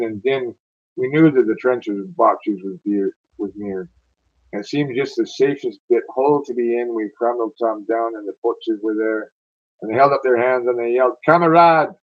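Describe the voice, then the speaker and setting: Husky man reading verse aloud. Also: medium pitch, moderate pace, dull audio. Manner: loose, stumbling, self-correcting. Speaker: amateur poetry reader. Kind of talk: reading narrative verse aloud, then casual aside.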